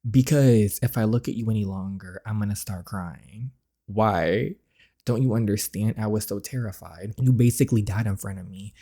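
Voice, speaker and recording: A frightened young heroine from a story game, read aloud by a man. She speaks quietly and shakily, holding back tears, in a mellow voice. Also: fairly low pitch, moderate pace. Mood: tearful.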